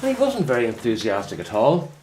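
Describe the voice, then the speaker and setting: A Northern Irish man talks casually in his greenhouse, drifting from one point to the next and correcting himself. His voice sits at an ordinary middle pitch, with a faint hiss behind it. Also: wildly swooping pitch, a little fast. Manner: rambling storyteller, self-correcting. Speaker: vlogger. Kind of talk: casual chat.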